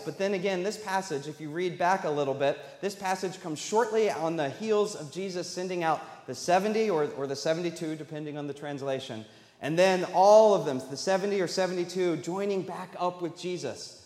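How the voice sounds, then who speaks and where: Male pastor, slightly high voice, chatty sermon delivery, echoey church hall. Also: fairly quick, darkish tone. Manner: conversational, asks the congregation questions. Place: church sanctuary. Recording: echoey hall, long reverb.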